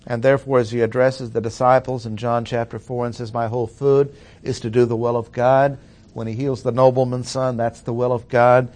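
A man preaching verse by verse in a mid-range voice. He is deliberate and emphatic and slows right down on the phrases he wants to land. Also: medium pitch, level tone, darkish tone. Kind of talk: expository sermon.

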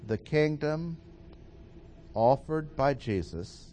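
Slow, deliberate man preaching. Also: a little high, expressive, mellow, slight background noise. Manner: slow, deliberate, emphatic with pauses. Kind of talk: sermon teaching.

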